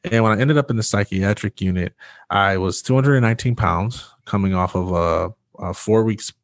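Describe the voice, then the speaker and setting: A man's voice: lowish voice, normal speed, dry recording, clean studio sound. A young man from Michigan, a guest speaker earnestly telling his personal testimony in conversation. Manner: earnest storytelling with restarts.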